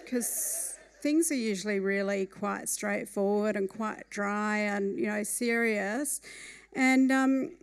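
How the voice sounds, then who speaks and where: A woman telling a funny true story at a live storytelling night, with a wry and lively manner. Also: mid-range voice, slow pace, clean tone.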